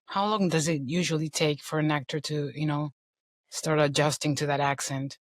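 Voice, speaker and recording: A woman hosts the interview, putting short curious questions to her guest. Her voice is quite low and the sound is dry. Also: fairly even intonation, moderate pace, no echo. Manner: curious, brief questions and backchannels. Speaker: podcast host.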